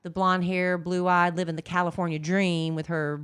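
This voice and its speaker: A woman's voice: fairly low pitch, level tone, moderate pace, a bit bright, smooth. A middle-aged woman co-hosting a podcast, rambling and gossipy in casual chat, with lots of fillers. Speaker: podcast co-host.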